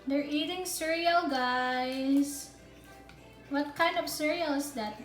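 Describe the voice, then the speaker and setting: A woman's voice: high-pitched, slow pace, reverberant, soft background music. A woman, chatting playfully on a family vlog and coaxing her kids. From Philippines. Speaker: family vlogger. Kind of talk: casual family vlog chat.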